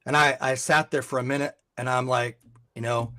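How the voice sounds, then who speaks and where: A man's voice: mid-range voice, fairly even intonation, normal speed, sharp tone, no echo. An older man, a guest on a faith podcast, telling a story and giving advice in an earnest way, often repeating words as he restarts.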